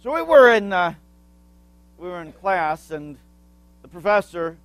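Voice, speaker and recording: A man's voice: high voice, very animated, a bit bright, dry recording. A man preaching a sermon as pastor, explaining a word with small asides and asking the congregation questions. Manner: asks the congregation questions and pauses for answers.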